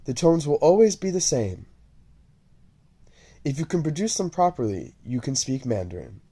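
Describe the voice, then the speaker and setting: A man teaching a language lesson, speaking slowly and deliberately and repeating syllables over and over for the listener to copy. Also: a little high, big pitch swings, warm tone, breathy edge. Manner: drawn-out, repeated syllable drills. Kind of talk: slow, deliberate lesson narration.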